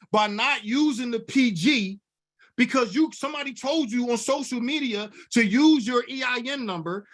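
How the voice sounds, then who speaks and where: High-voiced preachy man teaching money. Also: fairly bright tone. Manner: preachy, repeats lines for emphasis, addresses audience as y'all. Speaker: business funding coach. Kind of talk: fired-up teaching at a whiteboard.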